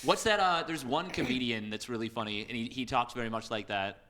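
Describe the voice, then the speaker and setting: Bright-voiced joking male caster. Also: medium pitch, a little fast. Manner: jokey, laughs often. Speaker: esports caster. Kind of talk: casual casting banter.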